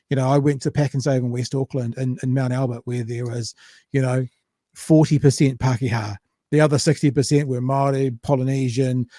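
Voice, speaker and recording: A man's voice: mid-range voice, a little mellow, dry recording, studio quality. A man with a New Zealand accent, co-hosting a podcast and telling rambling, anecdotal stories, sometimes with swearing. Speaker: podcast co-host. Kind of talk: casual chat.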